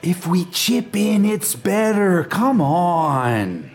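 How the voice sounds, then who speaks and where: An actor with a Canadian accent playing a joking, rambling unemployed drinking buddy in a stage play. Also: male voice, sits high, sing-song, extremely slow, faint music behind, exaggerated voice. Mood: teasing. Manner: teasing, rambling storyteller.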